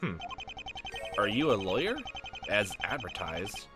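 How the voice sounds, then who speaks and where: A man's voice: on the low side, big pitch swings, a little slow, voice pushed down. A man voicing an awkward, exasperated young male rookie lawyer. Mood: puzzled. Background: game music.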